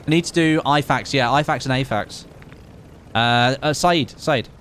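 A man's voice: medium pitch, normal speed, a bit bright, a little hiss or hum. A man chatting and poking fun at himself while playing a video game with friends. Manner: chatty, self-mocking. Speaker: gamer channel host. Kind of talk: casual gaming banter.

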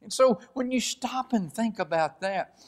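A man preaching a sermon, reading scripture aloud and explaining it verse by verse, dropping his voice low to press a point. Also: lively intonation, a little slow.

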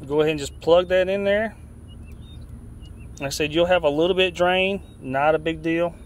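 A Southern-accented fishing guide talks through a repair step by step in a relaxed, homespun manner, often restarting his sentences. His voice sits a little higher than most men's. He is recorded outdoors, with faint background noise around him. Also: moderate pace. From Georgia, US. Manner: relaxed, folksy, repeats and restarts phrases. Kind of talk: casual how-to demonstration. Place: outdoors beside a boat.

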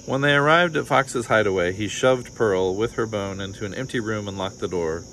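A man reading a children's picture book aloud in a calm, measured storytelling voice. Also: fairly low pitch, slight background noise, poor audio.

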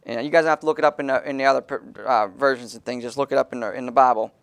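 A man's voice: medium pitch, fairly even intonation, rapid-fire. A man preaching an emphatic sermon as pastor in a small church, calling on the congregation to read verses aloud.

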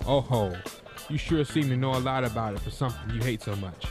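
A man's voice: mid-range voice, a little fast, music in the background, natural voice. A man voicing a grumpy, scornful older male café customer who talks in a sneering, haughty way.

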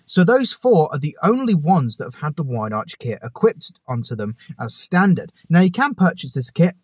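A man's voice: a little high, sing-song, normal speed, darkish tone, husky, no room sound. Chatty man hosting his car channel. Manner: chatty, enthusiastic, self-correcting asides. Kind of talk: casual talk to camera. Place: outdoors on a hot day. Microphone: camera on a tripod.

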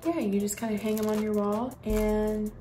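A woman's voice: medium pitch, fairly even intonation, moderate pace, dark tone, soft background music. Chatty tired woman vlogging a haul. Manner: chatty, filler-heavy, \"like\" constantly. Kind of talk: casual haul vlog. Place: at home.

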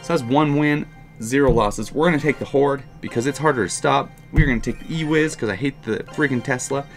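Male gamer commentator, mid-pitched, casual and excitable, faint game music behind. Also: a little fast. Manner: excitable, swings from calm talk to loud frustrated outbursts. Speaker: gaming commentator. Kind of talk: live gameplay commentary.

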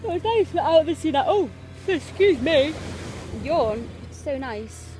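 A woman vlogging her family's travels chats casually on a handheld camera, rambling and correcting herself, outdoors at a beach and at home. Her voice is high and sing-song, a little fast, with noisy background sound.

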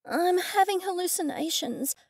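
A woman narrator voicing a frazzled, jumpy young woman witch who exclaims shrilly and excitably. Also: very high voice, normal speed, no echo, studio quality, pitched above the performer's own voice. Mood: alarmed.

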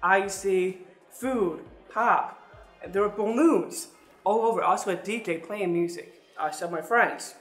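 Earnest and prone to repeating himself, a young adult man shares a personal story directly with his audience. He has a high, slightly bright voice and keeps a measured pace, recorded in a roomy space with faint music.

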